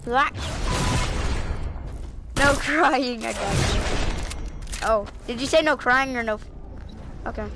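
A young woman chatting casually while playing a game, giggly, excitable and trash-talking. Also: a little high, slow pace, pauses often, background noise. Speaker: gamer. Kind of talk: casual gaming chat.

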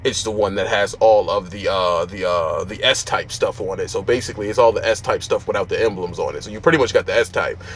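A man doing a slick used car salesman who drops his voice low and soft. He fumbles through a glib pitch, with a faint hum of a vehicle behind him. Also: brisk, few pauses. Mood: smooth-talking. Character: smooth-talking male used car salesman.

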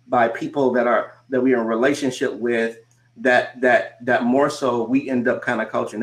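Emphatic male coach full of rhetorical questions. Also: medium pitch. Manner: emphatic, repeats lines and asks rhetorical questions; slows down to stress key phrases. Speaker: coach and conference speaker. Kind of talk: motivational talk. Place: speaking remotely to a virtual audience.

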